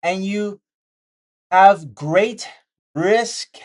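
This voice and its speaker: Candid trading vlogger, mid-pitched voice. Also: drawn-out words, darkish tone. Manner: candid, repeats points for emphasis; jokey asides, mimes chart as it draws. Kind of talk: casual motivational talk while sketching.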